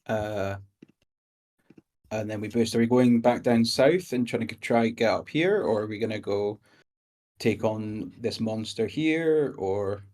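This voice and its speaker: Low-voiced man planning a tabletop game move. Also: unhurried. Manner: casual, planning out loud. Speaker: player.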